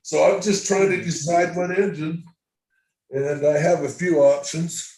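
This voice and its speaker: A man's voice: fairly high pitch, fairly even intonation, unhurried, warm tone. A man chatting easily on a video call from his home workshop, rambling a little as he talks shop. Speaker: hobbyist guest. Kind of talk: casual video call chat. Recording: echoey workshop room.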